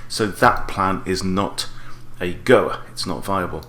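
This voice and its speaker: A man's voice: low-pitched, takes it slowly, echoey room. A man coaching chess, thinking aloud as he plays and weighing each move, often stopping to correct himself. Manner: analytical, weighs moves out loud, self-correcting. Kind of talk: thinking aloud while playing a chess game.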